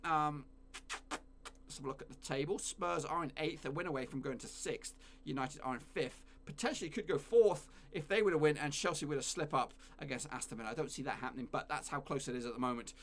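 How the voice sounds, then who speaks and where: A man's voice: fairly high pitch, fast, fairly bright tone. A man hosting a football predictions stream, chatting casually and rambling, with mild swearing and self-corrections. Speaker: football prediction channel host.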